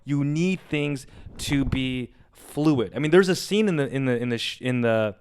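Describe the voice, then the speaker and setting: A man's voice: medium pitch, moderate pace, clean tone. A young man, a podcast co-host, telling a long story casually and acting out what people said. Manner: animated storyteller acting out quotes.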